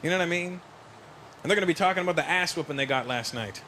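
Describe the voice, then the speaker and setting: A man performing a stand-up comedy set, telling stories with lively delivery and putting on voices. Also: on the high side, very fast. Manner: animated storytelling, doing voices of parents and strangers. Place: large venue with a laughing audience. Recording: live show with loud crowd laughter and noise.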